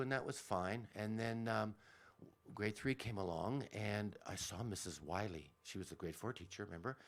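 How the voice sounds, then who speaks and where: A man with a low, gravelly voice spins a childhood tale on the radio, wandering off track and circling back with asides. His delivery is loose and conversational, full of self-corrections. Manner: rambling, self-interrupting. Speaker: storyteller. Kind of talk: radio storytelling.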